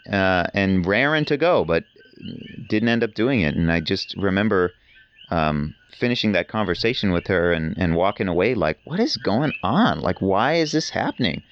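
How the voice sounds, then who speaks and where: A man's voice: lowish voice, dull audio. A man talking as a podcast guest in casual conversation, telling rambling, enthusiastic stories.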